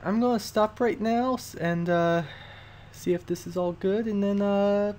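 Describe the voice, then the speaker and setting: A man's voice: fairly high pitch, darkish tone. A man giving goofy, rambling commentary while playing a video game. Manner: goofy, rambling with playful outbursts. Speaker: gaming channel host. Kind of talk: let's play commentary.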